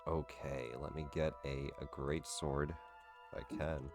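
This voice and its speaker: A man with a very deep voice runs a tabletop game session. He narrates actions and calls results in an easygoing, matter-of-fact way, pausing on fillers as he checks rules. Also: level tone, music in the background. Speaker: game master. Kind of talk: running a tabletop game online.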